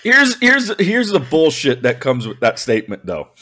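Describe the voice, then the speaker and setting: A young man telling a long comic story in casual chat, animated and exasperated, swearing and laughing as he goes. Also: a little high, normal speed, slightly rough.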